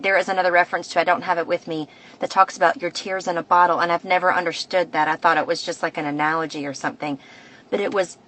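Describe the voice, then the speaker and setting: American woman doing a devotional podcast, kinda low voice, earnest and reflective, restarts a lot. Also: a bit bright, rough recording. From United States. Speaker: podcast host.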